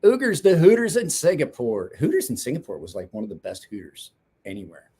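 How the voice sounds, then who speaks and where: A man's voice: medium pitch, huge pitch swings, a little fast, dark tone, husky. A middle-aged man telling crude stories in casual chat, swearing and mimicking the people in them. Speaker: podcast guest telling stories.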